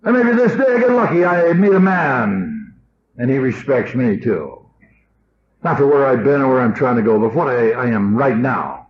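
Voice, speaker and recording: A man's voice: medium pitch, lively intonation, normal speed. A man in his fifties giving a blunt, emotional AA talk to an audience. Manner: rough, blunt and emotional storytelling. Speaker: AA speaker. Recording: dull old cassette tape with faint hiss.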